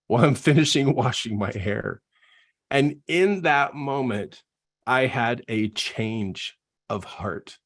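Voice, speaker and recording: A middle-aged man, a coach, giving an earnest, emotional personal testimony in a live online talk and laughing at himself. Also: mid-range voice.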